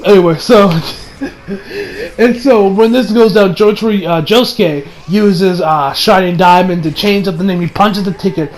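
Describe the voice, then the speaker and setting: A man's voice: high voice, moderate pace, slight background noise. A man casually recapping an anime episode in a rambling, laughing way, with frequent profanity and fillers. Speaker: anime reviewer.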